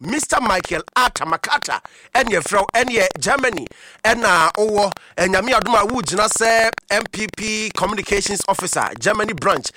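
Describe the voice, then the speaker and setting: Cast: ghanaian male radio presenter, high bright voice, animated shout-outs. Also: moderate pace, slight background noise. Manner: animated, repeats words for emphasis.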